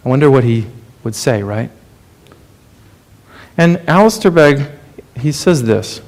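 A man preaching a sermon, earnest and questioning, often dropping to a soft, low delivery for emphasis. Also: lively intonation, measured pace.

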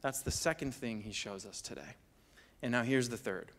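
A man preaching a sermon, measured and emphatic, asking the congregation rhetorical questions. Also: medium pitch, a bit bright. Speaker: pastor.

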